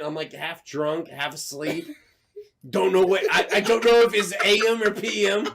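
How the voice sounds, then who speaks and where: A man's voice: sits high, steady tone, normal speed, vocal fry, crowd noise. A man on a podcast telling a funny story in a casual way, swearing and acting out his own lines with laughter. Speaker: podcast co-host.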